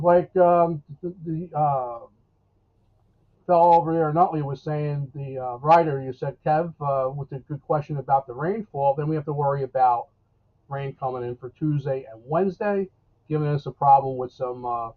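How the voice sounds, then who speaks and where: A man's voice: a little high, fairly even intonation, moderate pace. New weatherman on a tinny line. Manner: rambling, folksy, with many fillers and restarts. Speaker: local weather forecaster. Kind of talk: casual live interview.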